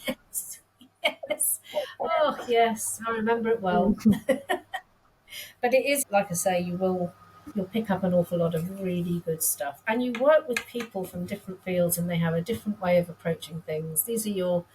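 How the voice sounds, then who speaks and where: Guest, woman, 50s, from the UK, lower voice, candid and self-deprecating storyteller. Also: brisk, a little mellow, rough recording. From United Kingdom. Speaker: nurse practitioner guest. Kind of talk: casual conversational storytelling.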